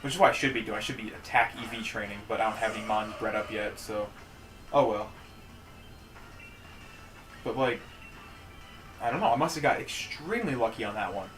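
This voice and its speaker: A man's voice: lowish voice, fairly quick, pauses often, a bit bright, soft background music, poor audio. Rambling, joking male game streamer. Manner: joking, rambling, self-mocking. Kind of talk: casual gaming stream chat.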